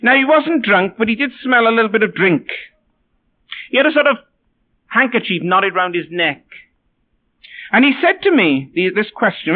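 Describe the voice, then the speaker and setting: A man preaching a sermon, telling personal stories in a wry, self-deprecating way. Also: high-pitched. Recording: tinny phone-like sound.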